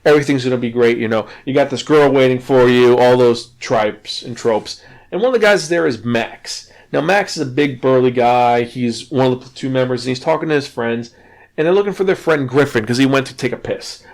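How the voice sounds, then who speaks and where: A man hosting his own review podcast, walking through a story with lively, animated energy. He stumbles, restarts and swears as he goes. His voice sits at an ordinary middle pitch. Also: moderate pace. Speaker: podcast host and manga reviewer. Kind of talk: casual spoken review, retelling a plot.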